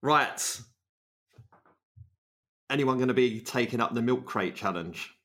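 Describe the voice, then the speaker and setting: A man's voice: medium pitch, takes it slowly, a bit bright. A man hosting a podcast, chatting casually with laughter and swearing. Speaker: podcast host.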